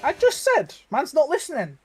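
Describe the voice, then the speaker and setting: High-voiced man co-commentating a sim race. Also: huge pitch swings, moderate pace, darkish tone, soft background music. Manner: chatty, predicts lap times with restarts. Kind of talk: casual race analysis and banter.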